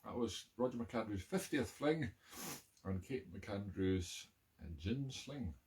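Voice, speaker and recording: A man's voice: lowish voice, lively intonation, takes it slowly, darkish tone, slight background noise. A middle-aged man with a Scottish, Edinburgh accent, hosting a music live stream from home and chatting in a rambling, self-amused way with many fillers. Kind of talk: casual live-stream chat between tunes. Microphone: home live-stream setup.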